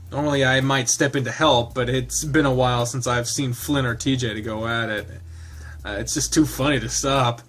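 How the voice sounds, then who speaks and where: A man's voice: mid-range voice, fairly even intonation, normal speed, fairly bright tone. A man with a mid-range voice narrates a visual novel aloud. He breaks off into loose, chatty commentary, laughs along at the jokes and swears in his asides.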